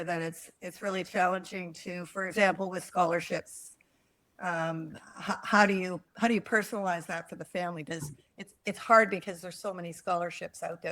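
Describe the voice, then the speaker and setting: Low-voiced woman moderating a webinar. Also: steady tone, fairly bright tone, no echo, poor audio. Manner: halting, restarting questions. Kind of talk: asking questions on a webinar.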